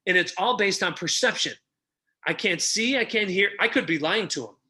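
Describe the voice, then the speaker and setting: A middle-aged man who tells stories with a lot of energy on a podcast and acts out the people he quotes. He works as a relationship coach. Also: moderate pace. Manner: energetic, acts out quotes with big pitch jumps. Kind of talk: animated storytelling.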